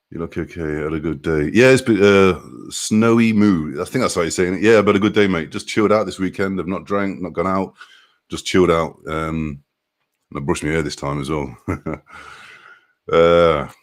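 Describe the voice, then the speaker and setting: A man, casually chatting on a live stream and greeting viewers by name in an upbeat way. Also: low voice.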